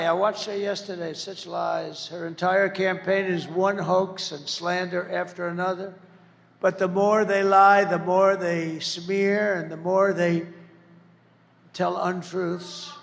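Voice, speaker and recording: A man in his seventies giving a rambling, boastful campaign rally speech, repeating himself and breaking into shouts. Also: high voice, creaky, big-room sound. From United States. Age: 70s. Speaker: political candidate.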